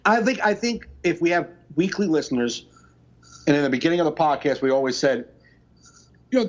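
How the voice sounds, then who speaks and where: Man, podcast co-host, casual rambling chat, animated storyteller, slightly dull lo-fi audio. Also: on the high side, brisk, pauses often.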